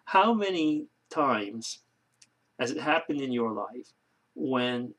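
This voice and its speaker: A man's voice: mid-range voice, lively intonation, slow, fairly bright tone. A man chatting casually to his camera for a video blog, rambling through a joke with lots of fillers and restarts. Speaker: video blogger. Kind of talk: casual vlog chat.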